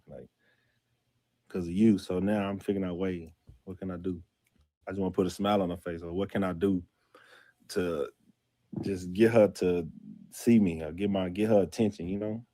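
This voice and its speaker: Deep-voiced earnest man. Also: warm tone, dry recording. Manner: earnest, halting, confessional. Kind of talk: casual podcast talk.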